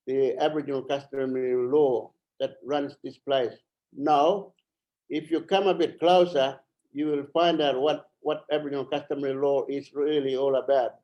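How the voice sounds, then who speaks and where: A middle-aged man from Arnhem Land speaking at an online forum as a member of parliament, halting and earnest, repeating phrases, a little out of breath. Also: on the high side, mellow, rough recording. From Arnhem Land, Australia.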